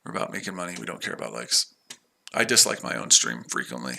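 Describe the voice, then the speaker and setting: A man's voice: rumbling low, big pitch swings, quick pace, gravelly, sharp tone, slight background noise. A man hosting a live trading stream, talking loosely and offhandedly, with frequent restarts. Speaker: livestream trading host. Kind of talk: casual live-stream chat.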